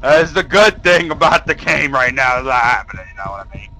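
Jumpy, excitable young man gaming. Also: medium pitch, brisk, poor audio. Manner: jumpy and excitable, swearing, shouting when scared. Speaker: gaming video host. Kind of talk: horror game let's play commentary.

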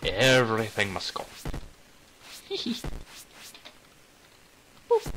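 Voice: mid-range voice, wildly swooping pitch, very slow, bright, forceful tone, a little hiss or hum, rough recording. A gameplay commentator, playful and giggly, who talks as the cat in mock outrage and breaks into sing-song bits and meows. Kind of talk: let's play commentary.

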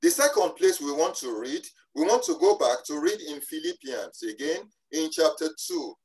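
A preacher giving a sermon at a church service, speaking emphatically and slowing down on key phrases, often repeating and restarting words. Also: mid-range voice, expressive, darkish tone, poor audio.

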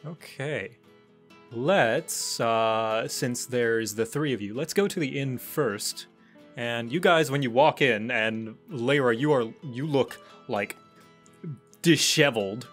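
A man narrating casually as game master of a tabletop game, relaxed and full of fillers. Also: medium pitch, takes it slowly, soft background music.

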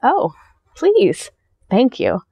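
Squeaky rowdy little ants, lady putting them on, high and fussy, storybook. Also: wildly swooping pitch, extremely slow, creaky, mellow, husky, no echo, clean studio sound, exaggerated voice. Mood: polite. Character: rowdy troop of small ants.

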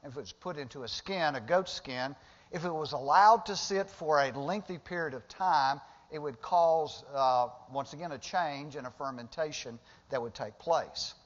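A male pastor preaching from the pulpit with a somewhat high voice, easygoing and conversational, then lifting into emphatic bursts. His voice carries a long church echo, and the recording sounds muffled and lo-fi. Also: normal speed. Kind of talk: sermon. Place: church sanctuary. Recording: dull lo-fi sound with long hall reverb.

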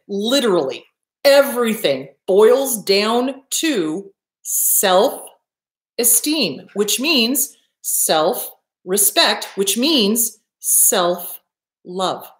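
Blunt, swearing woman therapist, lively pitch. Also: roomy sound. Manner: blunt, emphatic, swears freely, acts out quotes. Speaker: therapist and host. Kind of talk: direct self-help talk to camera.

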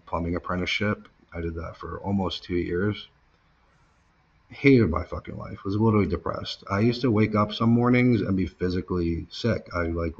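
A man's voice: deep voice, highs cut off, a little hiss or hum. A man being interviewed, telling his story casually and with lots of swearing, acting out the people he quotes. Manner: casual, profane, filler-heavy storytelling; acts out quoted people, voice jumping up when heated. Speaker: interview guest.

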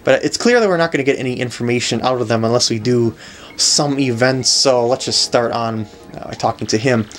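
A man's voice: mid-range voice, brisk, soft background music. A man giving casual gameplay commentary, chatty and laughing often. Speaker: let's play commentator.

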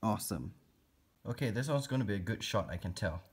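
A man's voice: lowish voice, animated, fairly quick, breathy edge. A man narrating a casual pet-keeping vlog, chatty and teasing his spiders as he feeds them. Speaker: reptile and spider keeper vlogger.

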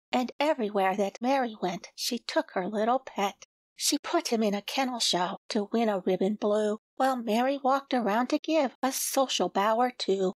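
A woman narrates a children's storybook at a slow, unhurried pace. Her voice sits a little high and sounds dry and close to the mic, with no room around it. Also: dry recording, low-quality recording. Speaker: audiobook reader.

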